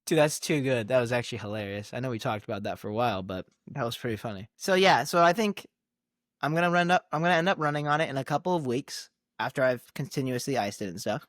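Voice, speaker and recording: A man's voice: mid-range voice, fast, no echo, clean studio sound. A man co-hosting a casual podcast conversation, telling stories animatedly, acting out the dialogue and laughing often. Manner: animated storyteller who acts out quoted dialogue and laughs often. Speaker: podcast co-host.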